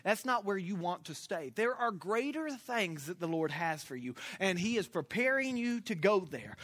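Guy preaching, loud then hushed, really lively voice, bright tone. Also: high-pitched, normal speed, few pauses, no echo. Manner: animated storytelling, swings from loud to hushed. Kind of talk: sermon.

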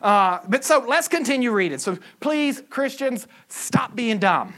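Lively, bright-voiced pastor preaching. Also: mid-range voice, a little slow. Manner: humorous, acts out quoted voices. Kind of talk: sermon. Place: church service with a congregation.

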